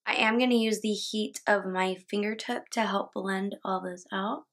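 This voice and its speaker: A young woman talks through her makeup routine at home in a relaxed, chatty way. She stumbles over product names and laughs them off. Her voice sits at an ordinary middle pitch. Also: moderate pace. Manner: chatty, casual, laughs at own slips. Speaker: beauty vlogger. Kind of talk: makeup tutorial talk-through. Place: home, indoors.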